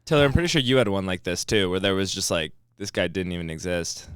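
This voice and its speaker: A man's voice: low voice, lively intonation, fast, clean tone, no room sound, studio quality. A young man co-hosting a podcast, chatting casually and thinking aloud, sometimes searching for the right word. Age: young adult. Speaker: podcast co-host. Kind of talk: casual chat.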